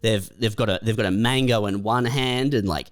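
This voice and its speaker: A man's voice: lowish voice, normal speed, clear, resonant tone. A man co-hosting a podcast, chatting in a laid-back way and thinking aloud with fillers. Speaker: podcast co-host. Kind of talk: casual chat.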